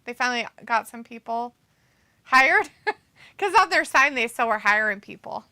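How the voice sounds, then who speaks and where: Giggly woman reading out chat comments, high bright voice, dry close sound. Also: animated, moderate pace, dry recording. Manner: giggly, teasing. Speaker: watch-along co-host.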